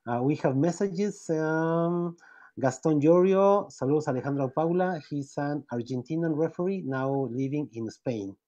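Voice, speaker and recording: A man who is not a native English speaker hosts an interview, speaking haltingly, repeating words and reading out viewer messages over a video call. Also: on the high side, mellow, highs cut off. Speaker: podcast host. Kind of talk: interview hosting.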